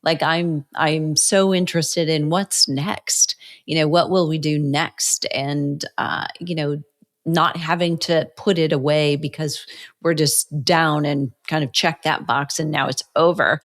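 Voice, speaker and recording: A woman's voice: low voice, steady tone, measured pace. A woman in her sixties, a fitness coach, talking as a podcast guest in an earnest, reflective way. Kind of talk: conversational interview.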